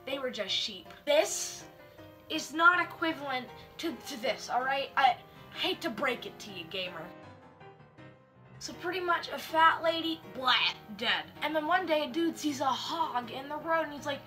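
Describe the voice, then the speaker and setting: A young woman with a high, very bright voice reviews spooky stories with sarcastic, slangy deadpan humor. Soft music plays faintly underneath. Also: measured pace. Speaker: host. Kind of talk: comedic story review.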